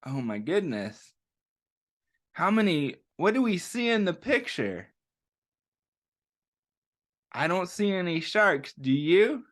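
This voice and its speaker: A man reading a picture book aloud to young children at story time, stopping often to ask them gentle questions. He talks slowly, and his voice rises and falls a lot. It sits slightly above the usual pitch for a man. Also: sing-song. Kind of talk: interactive picture-book read-aloud for kids.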